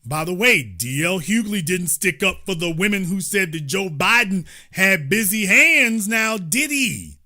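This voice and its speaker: A man ranting as a commentary host, heated and mocking, with profanity throughout. His voice is high and bright, and it swings widely in pitch as he drives each point home. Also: expressive, unhurried, few pauses. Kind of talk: political commentary rant.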